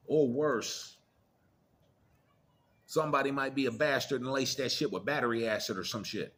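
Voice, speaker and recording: A man's voice: medium pitch, moderate pace, pauses often, fairly bright tone. A middle-aged man giving a profane, preachy monologue of blunt warnings in casual rant style. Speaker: commentator.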